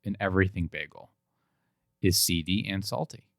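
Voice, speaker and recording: A man's voice: low voice, normal speed, gravelly, no room sound. A man co-hosting a podcast, chatting casually in a laid-back way with dry, understated humor. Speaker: podcast co-host. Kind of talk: casual chat.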